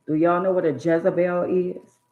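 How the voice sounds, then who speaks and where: A woman's voice: fairly low pitch, little pitch movement, moderate pace. A woman preaching life advice straight to her viewers in an emphatic, sermon-like monologue. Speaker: vlogger giving life advice. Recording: tinny phone-like sound in an echoey room.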